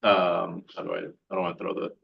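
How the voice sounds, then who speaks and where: A man with a very deep, gravelly voice asks hesitant, halting questions. He sounds as if he is in an echoey room. The sound is muffled. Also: monotone.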